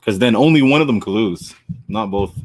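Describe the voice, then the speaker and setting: A man co-hosting a wrestling podcast in casual chat, animated and argumentative, often laughing. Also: lowish voice, normal speed. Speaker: podcast co-host.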